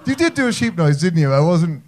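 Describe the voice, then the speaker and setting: A man's voice: a little high, big pitch swings, a little fast, a little mellow. A young man from Wales with a North Welsh accent doing a stand-up set in a comedy club, bantering cheekily with the audience and mocking himself. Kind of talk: stand-up set with crowd work.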